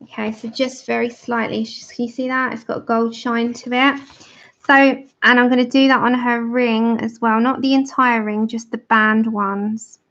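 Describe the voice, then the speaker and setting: Chatty English woman, gravelly, lo-fi stream. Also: a little high, flat delivery, normal speed, a bit bright. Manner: chatty, explains as she works. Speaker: livestream host. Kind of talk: casual chat while colouring. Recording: dull lo-fi livestream audio.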